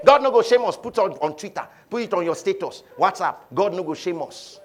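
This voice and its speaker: A man preaching a sermon, shouting one moment and dropping low the next, leading his congregation to repeat phrases. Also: normal speed, slight background noise. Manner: preaching with swings from shouting to quiet, leading call-and-response. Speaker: pastor.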